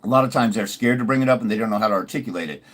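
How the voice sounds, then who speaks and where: Very fast and somewhat low-voiced, a man working as a fathers' rights consultant delivers a ranting commentary video, mocking his targets combatively and hammering the same insults over and over to make his case.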